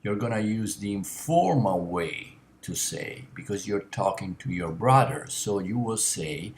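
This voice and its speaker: Slow, deep-voiced man teaching a lesson. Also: animated, roomy sound. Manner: slow, patient explaining with many uh and um. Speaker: Italian language teacher. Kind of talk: recorded screencast lesson.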